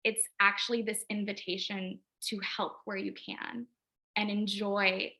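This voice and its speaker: A woman with a bright, clear-edged voice talks earnestly and haltingly, restarting her sentences as she goes. She sounds close to tears, her voice held together with effort. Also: medium pitch, flat delivery. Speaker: guest, LSAT tutor. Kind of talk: emotional personal interview talk.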